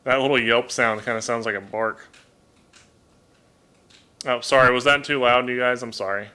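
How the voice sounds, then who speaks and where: A man's voice: mid-range voice, steady tone, brisk, bright, forceful tone, clean tone. A man chatting casually on a live stream from his home at a desk microphone, talking about his birds, often repeating words as he thinks. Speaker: livestream host and toucan keeper. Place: home room.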